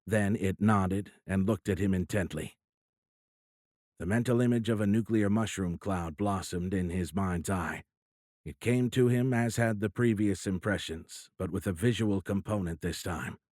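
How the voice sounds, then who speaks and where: A man narrating a sci-fi audiobook in a steady, measured storytelling manner. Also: low voice, no echo, studio quality. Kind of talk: scripted narration.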